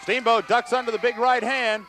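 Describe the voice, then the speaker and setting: A man giving brisk play-by-play commentary on a wrestling match. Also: very high voice, steady tone, pushed and bright, a faint crowd, a little hiss or hum. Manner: brisk, matter-of-fact calls.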